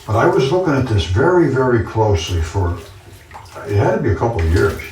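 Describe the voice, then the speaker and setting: A man's voice: mid-range voice, very animated, a little fast, a little mellow, a little hiss or hum. A man talking in a casual monologue, earnest and insistent, often repeating himself as he tells his story. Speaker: vlogger. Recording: roomy, distant from the mic.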